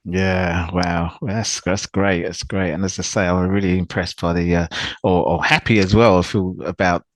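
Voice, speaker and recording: A man with a London accent hosts a casual interview in a friendly, chatty way and laughs easily. His voice sits a little low, and the sound is dry and close. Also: little pitch movement, normal speed, no room sound. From London, England. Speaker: podcast host.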